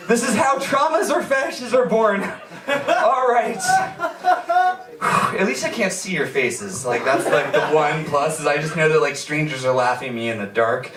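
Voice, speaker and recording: A man's voice: fairly high pitch, lively intonation, moderate pace. Man laughing through a stand-up set. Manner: laughing through pain, yelping when shocked. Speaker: stand-up comedian. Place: small comedy venue with audience. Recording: echoey room, far from mic, loud crowd. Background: audience laughter.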